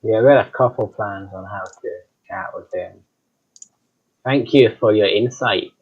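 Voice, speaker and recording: A man's voice: fairly low pitch, unhurried, husky, dull audio. A man playing a tabletop game, talking casually and hesitantly with lots of ums. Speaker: player.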